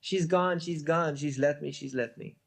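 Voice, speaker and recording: A man's voice: a little high, normal speed, vocal fry, pitched above the performer's own voice. A man voicing a dismissive materialist male professor who is also a grieving husband.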